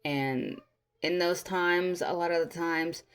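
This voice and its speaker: A woman's voice: on the low side, steady tone, slow, clear, resonant tone. A young woman, a mother, talking casually to her viewers in a rambling storytime vlog, full of fillers and restarts. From Tennessee, US. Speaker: vlogger, mother.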